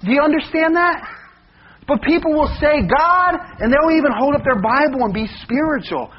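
A man preaching a sermon in an animated way, often asking the congregation whether they follow. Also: very high voice, fairly quick, a little hiss or hum. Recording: dull lo-fi recording.

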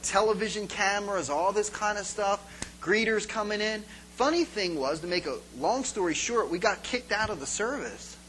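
This rough recording, with a bit of hiss or hum, captures a man with a high voice acting as pastor. He animatedly tells stories and plays out scenes for his congregation in an informal sermon.

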